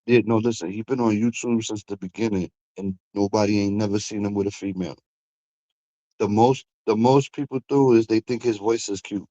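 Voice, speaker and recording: A man's voice: lowish voice, brisk, no room sound, highs cut off. A man hosting a stream, ranting casually and profanely, with mocking asides. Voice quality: animated, profane, mocking impressions. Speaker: streamer host.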